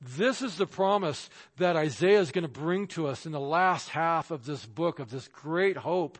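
A male pastor preaches with an emphatic, somewhat high voice, acting out the people and voices he quotes. His words ring out with a long reverb, as in a large church sanctuary. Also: animated, normal speed. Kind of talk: sermon.

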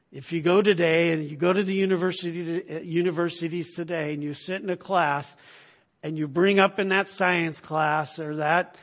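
A man's voice: on the high side, in a large hall. A man preaching a sermon in a chatty, storytelling way, often checking in with "right?". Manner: conversational, storytelling with frequent "right?". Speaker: pastor.

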